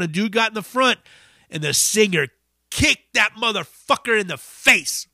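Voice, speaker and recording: Brief: male podcast host, swears freely while telling a story, very bright voice, dry close sound. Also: high-pitched, normal speed, dry recording. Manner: profane, animated storyteller. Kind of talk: casual storytelling monologue.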